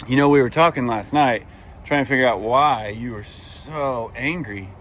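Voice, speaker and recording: A man's voice: medium pitch, normal speed, fairly bright tone, a little hiss or hum. A man hosting a casual farm vlog outdoors, talking affectionately and teasingly to his animals. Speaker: host.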